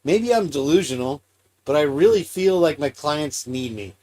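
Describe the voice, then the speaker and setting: A man's voice: a little high, lively intonation, normal speed, mellow, a little hiss or hum. A man co-hosting a live stream and reading a book chapter aloud, with dry, wry remarks. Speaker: co-host and reader.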